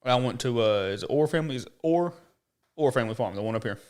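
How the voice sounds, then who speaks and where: A man co-hosting a casual podcast, telling a story with lively, animated delivery and high put-on voices for the people in it. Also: fast, clean tone. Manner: animated, jumps up in pitch when acting out other people. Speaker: podcast co-host.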